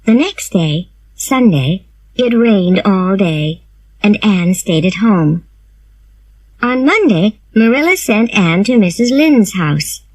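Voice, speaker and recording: A woman narrates a learner's storybook at a slow, deliberate pace, her fairly high voice rising and falling expressively. She speaks clearly and carefully, and the recording is close and dry. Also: expressive, no room sound, poor audio. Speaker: reader. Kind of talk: graded reader narration.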